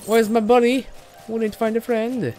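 A woman streaming a video game, chatting in an excitable, giggly, rambling way. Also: a little high, normal speed, soft background music. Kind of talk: casual gameplay commentary.

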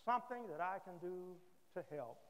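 A man's voice: high-pitched, animated, normal speed. A male preacher voicing a sympathetic friend who asks a crying man what is wrong. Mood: concerned. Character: concerned male friend passing by. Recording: long church reverb.

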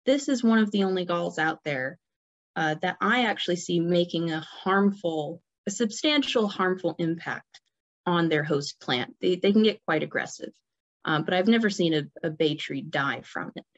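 A woman with a fairly low voice gives a loose, chatty lecture at a nature center. She talks in a relaxed way, with plenty of ums and restarts. The recording sounds dull and lo-fi. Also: moderate pace. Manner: relaxed, many fillers and restarts. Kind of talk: informal illustrated lecture.

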